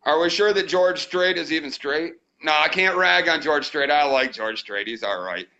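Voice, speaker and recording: A rowdy man tells a crude, joking story with no polish at all. His voice sits high and gravelly, with a sharp, bright edge. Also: normal speed, lo-fi sound. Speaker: trapping channel host. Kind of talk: casual storytelling.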